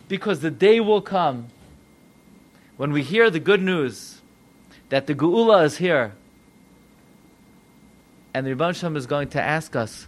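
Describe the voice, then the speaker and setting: A rabbi preaching a sermon, animated and full of rhetorical questions to his listeners. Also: sits high, moderate pace.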